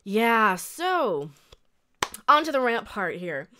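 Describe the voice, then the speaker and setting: A woman's voice: a little high, very animated, slow pace, pushed and bright, a little hiss or hum. A woman in her thirties reading a news article aloud and breaking into blunt, profane rants, often restarting her sentences. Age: 30s. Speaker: reaction video host.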